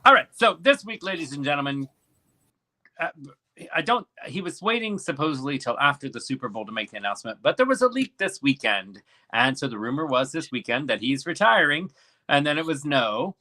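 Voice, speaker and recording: Playful bright-voiced male co-host. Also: a little high, sing-song, a little fast. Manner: teasing, playful, announces to the audience. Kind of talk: casual comedic chat show.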